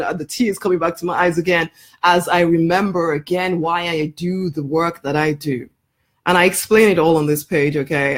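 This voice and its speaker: A woman life coach gives an emphatic promotional live video talk to camera, repeating her points and calling the listener honey. Her voice is fairly low, a little mellow, and slightly rough, and she laughs often between phrases.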